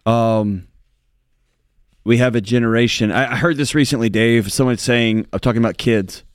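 A man co-hosting a call-in advice radio show, speaking calmly and earnestly. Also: medium pitch, normal speed, no echo, studio quality. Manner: calm, earnest, brief affirmations. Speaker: radio co-host, psychologist. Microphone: studio microphone.

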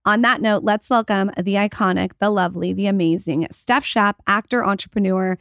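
A woman's voice: mid-range voice, moderate pace, a bit bright, no echo, clean studio sound. A woman hosting a podcast, introducing her guest in an upbeat, enthusiastic way. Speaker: podcast host. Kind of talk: casual chat.

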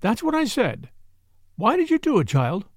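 A man voicing a brisk, kindly middle-aged spinster who is soothing, bossy and inquisitive. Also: very high voice, wildly swooping pitch, dry recording, clean studio sound, voice pushed up, heavily acted.

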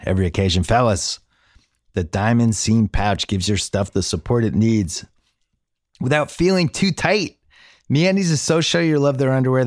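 A man's voice: fairly low pitch, no room sound, studio quality. A man hosting a sports podcast, reading an ad and chatting in an easygoing way with his guests. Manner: easygoing, conversational. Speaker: podcast host. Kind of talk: casual chat and host-read ad.

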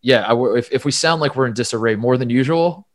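A man's voice: mid-range voice, fairly quick. A man co-hosting a sports podcast in casual chat, rambling and poking fun at himself, with frequent stammers and restarts. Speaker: podcast co-host.

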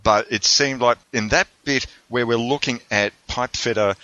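A man's voice: medium pitch, moderate pace, bright, forceful tone, no echo. A podcast host discussing a film, posing analytical questions to his co-hosts. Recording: slightly dull, dry sound.

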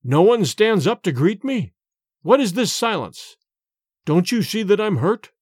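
Male narrator doing a gruff, hollow old undead patriarch for a storybook, dry close sound, swinging pitch. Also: big pitch swings, unhurried, darkish tone, dry recording, heavily acted. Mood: resentful. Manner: gruff, menacing. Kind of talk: audiobook character reading.

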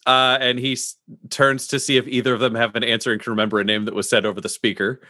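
A man's voice: medium pitch, quick pace, sharp tone, no echo, studio quality. A man playing a tabletop game, casual and upbeat. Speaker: player.

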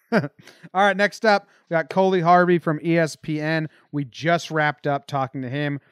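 Smooth higher-voiced male podcast host. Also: steady tone, normal speed, dry recording, studio quality. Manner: upbeat, laughs easily. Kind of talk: casual podcast chat.

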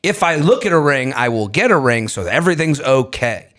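A man's voice: mid-range voice, big pitch swings, a little fast, fairly bright tone. A man co-hosting a dating advice podcast, giving opinions in a rambling, joking way. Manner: rambling, restarts, joking asides, laughs easily. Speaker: podcast co-host. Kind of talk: casual chat.

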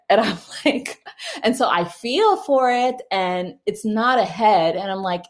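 A young woman casually telling a personal story, animated, laughing often, with quick asides. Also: medium pitch. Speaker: mother telling a birth story.

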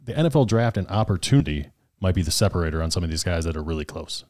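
A man co-hosting a podcast, chiming in with brief quick remarks in casual chat. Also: low voice, expressive, darkish tone. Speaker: podcast co-host.

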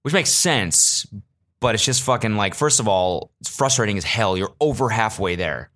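A man's voice: lowish voice, lively intonation, normal speed, a bit bright. A man hosting a podcast, telling a rambling comic story in a casual, sarcastic way, swearing freely and joking before taking it back. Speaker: podcast host.

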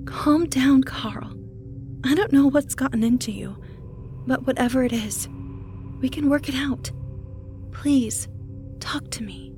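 A frightened wife and mother, as a male narrator puts her on, pleading in a strained, raised falsetto. The voice sits high above the narrator's own, with faint music under it. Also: little pitch movement, moderate pace, warm tone.

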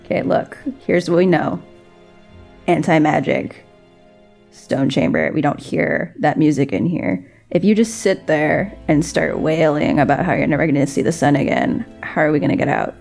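A level-headed female adventurer, played by a woman with a very low, gravelly voice and dry, matter-of-fact delivery. Faint music sits in the background. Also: moderate pace, a little mellow.

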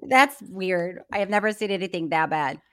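A woman's voice: on the low side, expressive, moderate pace, clear, resonant tone. A woman co-hosting a podcast, telling a story in casual chat, acting out the quotes and laughing often. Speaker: podcast co-host.

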